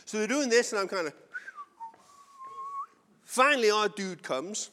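A man's voice: high-pitched, normal speed, long pauses, bright, forceful tone. A man with an English accent preaching a sermon, telling a conversational, self-mocking personal story before turning to scripture. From England. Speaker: pastor. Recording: long hall reverb.

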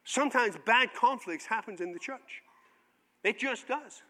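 High, bright-voiced preacher in a reverberant hall. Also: male voice, a little slow. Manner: animated storytelling, acts out biblical voices in casual modern speech. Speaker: pastor. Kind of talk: sermon.

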